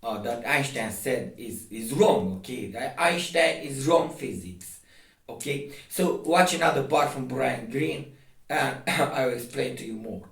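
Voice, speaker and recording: A man's voice: mid-range voice, expressive, unhurried, a bit bright. Insistent man talking from across a roomy space. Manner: repetitive, restarts often, insistent. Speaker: video host. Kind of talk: casual explaining to camera. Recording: roomy echo, distant from mic.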